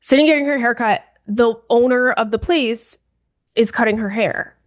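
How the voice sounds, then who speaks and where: A young woman co-hosting a podcast, telling a story in a casual, animated, dramatic way and calling the listener "girl". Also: on the high side, moderate pace. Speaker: podcast co-host.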